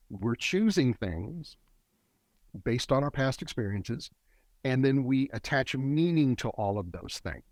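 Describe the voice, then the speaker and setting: A man's voice: mid-range voice, a little mellow, no echo. Earnest middle-aged man teaching. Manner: earnest, teaching tone that speeds up and slows down. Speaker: guest, men's work facilitator. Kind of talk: reflective interview talk. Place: a warm, quiet spot with a generator running nearby.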